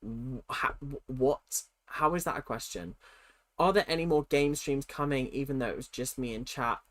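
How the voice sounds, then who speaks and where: A young man chats casually on a livestream. He has a cold, and he reads viewer questions out loud and answers them frankly at an everyday pitch. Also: normal speed. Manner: chatty and candid, answering questions as they come. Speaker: streamer.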